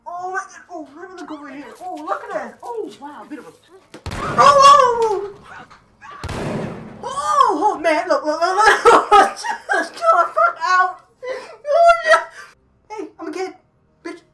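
A woman streamer reacting loudly to a VR game, cursing and half laughing, half crying. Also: very high-pitched, big pitch swings, slow pace, distant mic, noisy background. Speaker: gaming streamer.

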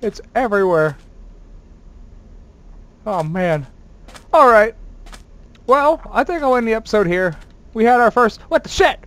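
A man doing let's play commentary as a gaming host, excitable and quick to swear, yelling at sudden scares and bragging playfully. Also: sits high. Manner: playfully boastful.

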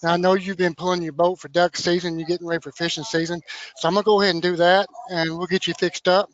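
A man's voice: high voice, flat delivery, fast. A man role-playing a friendly service advisor on a sales call, upbeat and calling the customer "my friend". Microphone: video call. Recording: muffled call audio.

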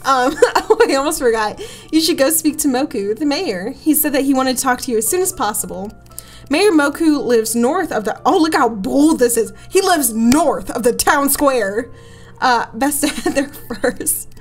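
A woman's voice: high-pitched, expressive, normal speed, faint music behind. A woman voicing a friendly male fisher penguin dad in a put-on Italian accent, folksy and reassuring. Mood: hearty.

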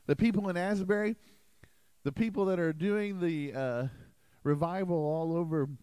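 A pastor preaching a sermon in a church sanctuary, animated and emphatic. His voice sits a little high for a man. The sound is close and dry. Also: dry recording, low-quality recording.

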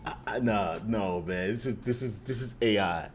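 Excitable, profane man reacting to music. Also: fairly low pitch, normal speed. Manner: excitable, profane, laughing, incredulous. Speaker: reaction channel host.

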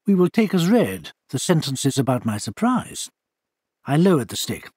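A man narrates a storybook with lively, rising and falling pitch. His voice is a touch husky and sits somewhat high for a man. The recording is dry and close. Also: moderate pace, no echo. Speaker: audiobook narrator.

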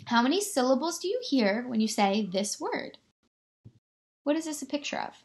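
A woman teacher giving a remote lesson to young children, stretching words out slowly and encouraging them. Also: high voice, very animated. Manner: slow, exaggerated word-stretching, encouraging.

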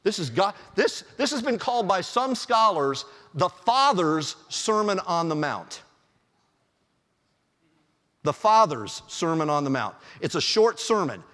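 A male pastor preaching a sermon in a church, telling the story in an animated way and chuckling often. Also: high-pitched, measured pace. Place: church sanctuary. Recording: long church reverb.

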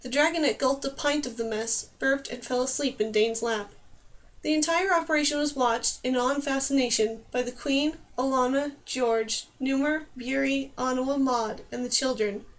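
High-voiced woman reading a fantasy novel. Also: normal speed. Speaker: audiobook narrator. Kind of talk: scripted narration.

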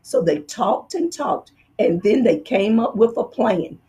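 Woman storyteller for a kids' read-aloud: slow, expressive, lots of pitch movement. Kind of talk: children's book read-aloud.

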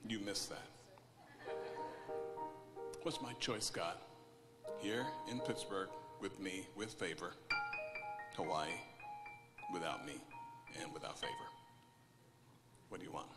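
A man preaching a sermon, moving from hushed quiet passages to loud, emphatic storytelling. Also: sits low, slow pace, pauses often. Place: church hall. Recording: large hall reverb with music behind. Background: instrumental music.

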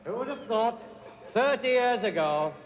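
A man's voice: very high-pitched, lively intonation, measured pace, muffled recording. An actor playing a wealthy older Yorkshire man who brags about his poor childhood, laughing at his own stories in a Yorkshire accent. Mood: boastful.

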